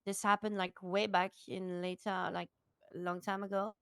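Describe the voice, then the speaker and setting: Woman, gravelly morning voice, halting doctor roleplay. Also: medium pitch, flat delivery, fairly bright tone. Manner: halting, apologetic, full of restarts. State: rough morning voice. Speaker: streamer playing a doctor in roleplay. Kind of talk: in-character roleplay chat.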